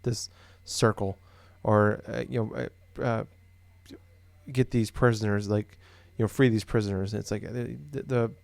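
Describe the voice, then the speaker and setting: Rambling low-voiced man, dry close mic. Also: steady tone, measured pace, creaky, a little mellow, no room sound. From Des Moines, Iowa. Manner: rambling, full of fillers and restarts. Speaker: podcast co-host. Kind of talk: casual chat.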